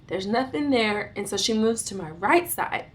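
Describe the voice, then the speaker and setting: A young adult woman vlogger telling a storytime, recounting events in an animated, dramatic way with bursts of giggling. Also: mid-range voice, moderate pace, slight background noise. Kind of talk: storytime vlog.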